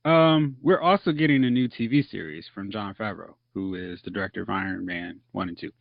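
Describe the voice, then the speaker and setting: A man hosts a movie podcast in a relaxed, chatty way, steering the talk between topics. His voice sits on the low side. The sound is dull and dry, with no room around it. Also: brisk, vocal fry, no echo. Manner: leads segments, loose and chatty with filler words. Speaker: podcast host. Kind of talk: casual movie podcast chat.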